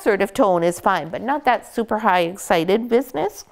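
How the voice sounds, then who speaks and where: A woman dog breeder calmly explaining puppy care, gently praising the dogs as she goes. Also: mid-range voice, moderate pace, gravelly, few pauses. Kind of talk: instructional puppy-care talk.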